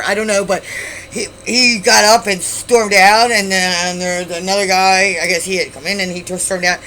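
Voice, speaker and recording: A woman's voice: lowish voice, a little hiss or hum, poor audio. A woman telling a story about a chaotic date in a casual vlog, swearing freely and acting out the people she quotes. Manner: animated, swears, acts out quoted voices.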